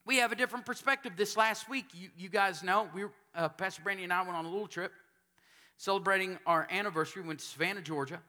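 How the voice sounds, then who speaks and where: A man from Texas, a pastor preaching a sermon in a church sanctuary, telling stories and building up to shouted calls for amens. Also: high-pitched, quick pace.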